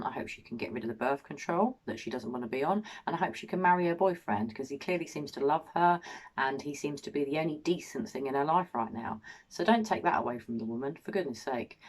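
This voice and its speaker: A woman's voice: sits low, expressive, quick pace. A woman hosting a commentary channel, reading a statement aloud and reacting with emotional indignation. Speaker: commentary host.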